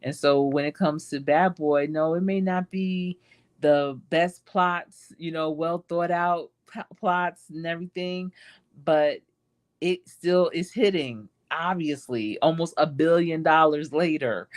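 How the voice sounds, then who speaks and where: A woman's voice: deep voice, a little slow. A woman hosting a casual live stream, talking in a chatty, reflective and encouraging way and acting out quoted asides. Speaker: host.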